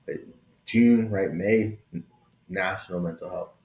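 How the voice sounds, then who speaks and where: This tech video host, a man around thirty, has a deep voice and a slightly mellow tone, and he takes his time. His casual vlog has a roomy sound. He talks openly and affectionately in a conversational way, repeatedly adding "right?"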